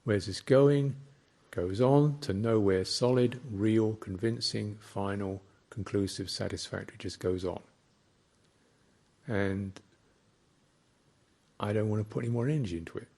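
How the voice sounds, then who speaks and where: A man, a Buddhist monk, giving a slow, reflective dharma talk with thoughtful pauses. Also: fairly low pitch, creaky, darkish tone.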